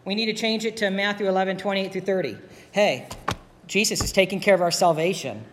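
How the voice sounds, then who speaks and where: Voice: mid-range voice, fairly quick, background noise. A pastor preaching a sermon in an earnest, conversational way, repeating key phrases. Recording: long reverb of a hall.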